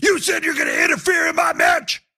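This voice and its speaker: A man putting on a defiant male wrestler yelling back at a rival. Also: very high-pitched, fairly even intonation, brisk, gravelly, voice pushed up, full character voice. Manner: shouting defiantly.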